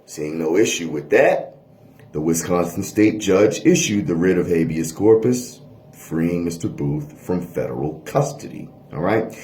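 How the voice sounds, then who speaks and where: A man lecturing on a court case in a lively teaching voice, checking in with listeners often. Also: sits low, reverberant, a little hiss or hum. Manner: animated lecturing, frequent "all right?" checks. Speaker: history teacher. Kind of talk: lecture video.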